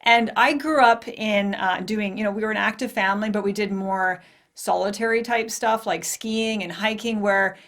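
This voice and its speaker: A woman's voice: mid-range voice, steady tone, normal speed, a bit bright. A woman hosting her own podcast and telling a personal story in a candid, conversational way. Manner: candid and conversational, swears casually. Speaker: podcast host and martial arts coach.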